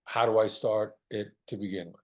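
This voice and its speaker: Man guest, low voice, emphatic, negotiation tips over a video call. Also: steady tone. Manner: emphatic, drops into a slow soothing voice to demonstrate. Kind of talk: lively explanatory talk.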